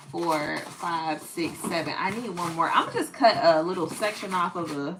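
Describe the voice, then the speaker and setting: Bright-voiced woman in her 30s, chatting on a livestream, reading out comments and laughing a lot. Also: lowish voice, a little hiss or hum, poor audio. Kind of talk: casual live-stream chat. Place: at home, tidying up.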